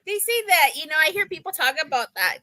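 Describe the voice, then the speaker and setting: A woman's voice: high-pitched, sing-song, fast, sharp tone. A woman co-hosting a casual live wrestling watch-along, chatting in an easygoing way. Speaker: co-host.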